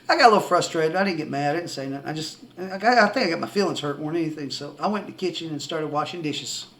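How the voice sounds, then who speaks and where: A quick-talking man with a somewhat high, slightly bright voice gives a personal faith testimony, seated facing a camera at his country home. The storytelling is relaxed and rambling, full of restarted words and chuckles.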